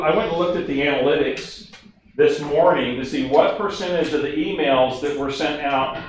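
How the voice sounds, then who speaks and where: A man leads a training class in a conversational, engaging way, often turning questions to his audience. His voice sits a little high for a man. The room is heavily echoey, with a faint background hiss. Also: recorded from a distance. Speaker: instructor. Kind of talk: training presentation with anecdotes.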